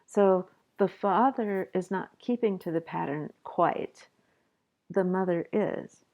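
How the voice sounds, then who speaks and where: A middle-aged woman professor giving a measured, explanatory poetry lecture and reading a poem aloud. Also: on the low side, dull audio. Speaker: college professor.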